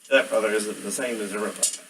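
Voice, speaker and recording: A man's voice: on the low side, fairly even intonation, fast, fairly bright tone, slight background noise, rough recording. A man vlogging at home, rambling and venting as he talks to absent people and keeps asking "right?". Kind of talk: rambling monologue to camera.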